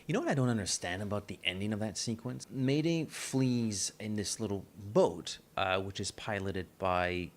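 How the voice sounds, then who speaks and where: A man's voice: on the low side, moderate pace, few pauses. A man co-hosting a film review podcast, chatting casually with dry, teasing humor. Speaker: podcast co-host.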